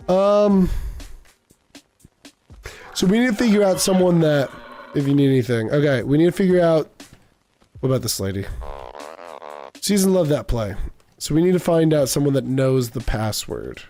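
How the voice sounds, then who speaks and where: A man's voice: on the high side, lively intonation, moderate pace, pauses often, dark tone, soft background music. A man casually commenting while he plays a game, with self-mocking, rambling asides. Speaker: gamer playing on camera.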